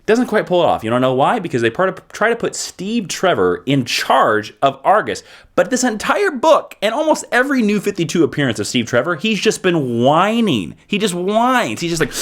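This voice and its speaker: A man reviewing comic books in a casual, joking vlog with quick asides. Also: fairly high pitch, huge pitch swings, fairly bright tone.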